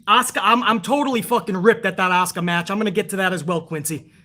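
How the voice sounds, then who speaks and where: A man's voice: sits high, fast, sharp tone. Fired-up, profane male streamer. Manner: profane, fired-up ranting, reads out chat messages. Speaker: host of a wrestling review stream. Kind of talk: casual livestream commentary.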